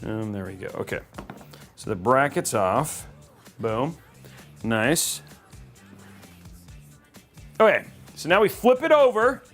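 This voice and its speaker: A man's voice: medium pitch, very animated, takes it slowly, pauses often, fairly bright tone, soft background music. Chatty, upbeat man hosting a livestream. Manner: chatty, upbeat, rambling with fillers. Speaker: livestream host building a PC. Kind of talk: casual live-stream chat. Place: studio.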